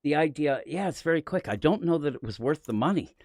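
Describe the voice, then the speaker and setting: Animated, lively man reviewing comics. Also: a little high, vocal fry, no room sound, studio quality. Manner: animated, rambling, quick to laugh. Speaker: podcast co-host. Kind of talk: casual comic review chat.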